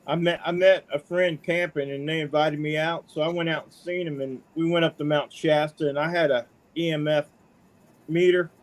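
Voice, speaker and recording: Chatty middle-aged man with a higher voice. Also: steady tone, normal speed. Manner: chatty, folksy, says "man" often. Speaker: caller. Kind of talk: casual storytelling.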